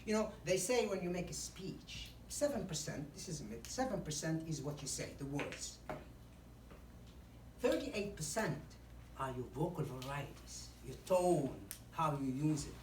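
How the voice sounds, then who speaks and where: Speaking unhurriedly in a low, sing-song voice, a woman runs a public speaking workshop for a live group in a meeting room. She demonstrates examples and uses "you know" often. The recording is from a distant mic, with roomy echo, faint ambience, and a noisy background.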